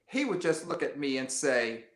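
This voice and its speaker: Animated older man telling stories, echoey. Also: mid-range voice, normal speed. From United States. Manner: animated, rambling, many restarts and asides. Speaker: author, interview guest. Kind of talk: conversational storytelling interview.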